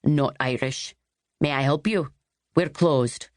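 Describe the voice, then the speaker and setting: A woman's voice: sits low, takes it slowly, a little mellow, dry recording, clean studio sound. A woman voicing a grumpy Scottish innkeeper with a curt, stiff manner.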